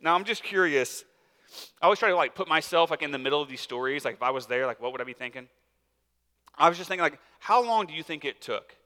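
A man gives a sermon in a relaxed, chatty way, his voice bright and forward and a bit higher than most. It rings out with a long echo in a large church hall. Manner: casual, conversational preaching with many fillers. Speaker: pastor.

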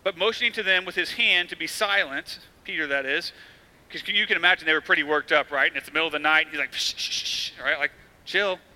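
A man in his thirties delivers a sermon as a pastor, slipping into quoted voices as he tells stories. His voice sits high and rings very bright. The manner is relaxed and conversational rather than formal. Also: fast, poor audio. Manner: conversational storytelling preaching with acted quotes.

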